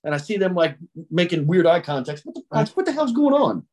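A man's voice: sits high, very animated, a little fast, darkish tone. A man telling a story in a casual podcast chat, restarting his sentences and repeating words as he goes. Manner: rambling, repeats words, acts out quoted voices.

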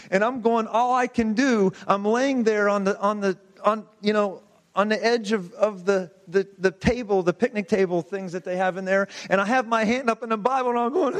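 A man's voice: high voice, steady tone, a little fast. A man in his forties preaching, telling a personal testimony with impassioned storytelling and rhetorical questions.

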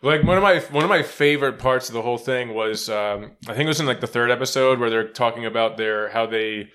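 A man with a bright, forward voice riffs through a casual sports chat. He laughs often and swears freely while he tells his stories. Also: medium pitch, fairly quick. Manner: laughing, swearing, animated storytelling. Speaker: podcast co-host.

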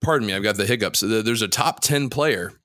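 A man's voice: on the low side, fairly quick, pushed and bright, dry recording, clean studio sound. A man hosting a casual sports podcast, talking bluntly and swearing freely. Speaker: podcast host.

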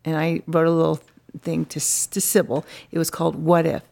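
Middle-aged woman, interview guest, chatty and filler-heavy, a bit of fry in the voice. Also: deep voice, monotone, a little fast, darkish tone. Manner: chatty, lots of "you know" fillers, acts out quoted voices. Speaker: artist guest. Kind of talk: casual interview storytelling.

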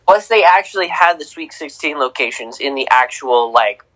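Young male sports co-host, excitable, punchy repeats, fairly high voice. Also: normal speed, low-quality recording. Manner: excitable, repeats himself for emphasis. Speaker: podcast co-host. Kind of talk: casual sports talk.

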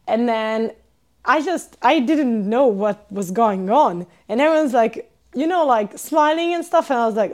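A young woman from Hungary, a podcast guest telling stories in casual chat, animated and full of fillers. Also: a little high, moderate pace. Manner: animated storyteller, many fillers and laughs.

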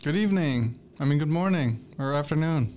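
A man's voice: on the high side, lively intonation, brisk, darkish tone. A young man co-hosting a podcast in casual chat, joking and tripping over his words. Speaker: podcast co-host.

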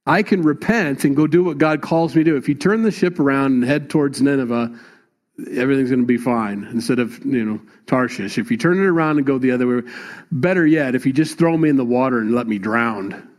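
Pastor, man, mid-pitched, chatty sermon delivery with emphatic swells. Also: fairly quick. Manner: conversational preaching, rising emphatic at times.

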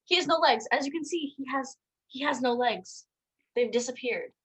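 Young woman, slightly high voice, giggly rambling podcast co-host. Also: normal speed, husky, poor audio. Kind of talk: casual chat.

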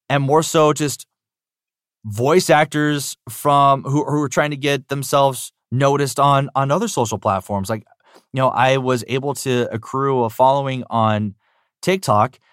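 A male voice actor answering interview questions in an upbeat, animated way, often saying "you know". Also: mid-range voice, dry recording, studio quality. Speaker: voice actor guest.

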